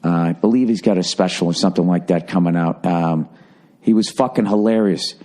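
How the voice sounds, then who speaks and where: A man from the Boston area hosting a podcast, telling a rambling, profane story that jumps into high-pitched bursts for emphasis. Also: fairly quick, dark tone. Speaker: podcast host. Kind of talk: casual storytelling monologue.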